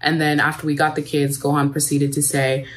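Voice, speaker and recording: Low-voiced woman reading a personal account. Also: level tone, fairly quick, slight background noise. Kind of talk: read first-person statement.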